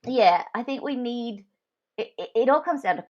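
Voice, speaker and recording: A woman's voice: on the high side, expressive, normal speed, muffled recording. A woman co-hosting a podcast in casual chat, telling frank stories from her own work life. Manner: candid, frank storytelling. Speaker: podcast co-host.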